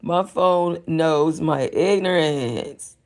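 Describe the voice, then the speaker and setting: A woman from North Hollywood hosting a casual livestream, tired and giving loud, profane commentary full of laughter. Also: low-pitched, extremely slow. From North Hollywood, California. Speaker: livestream host.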